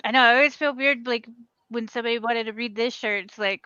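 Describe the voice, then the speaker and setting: A woman's voice: a little high, fairly even intonation, fast talker, bright, forceful tone, clear, resonant tone, highs cut off. A mother co-hosting a casual chat, telling family anecdotes and laughing often. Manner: chatty, trails off, laughs often. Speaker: podcast co-host.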